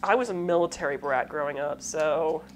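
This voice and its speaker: This cooking show host, a woman from the southern US, speaks in a low voice at normal speed over slight background noise. She cooks while chatting casually with rambling asides, her accent mixing a light Southern lilt with Midwestern.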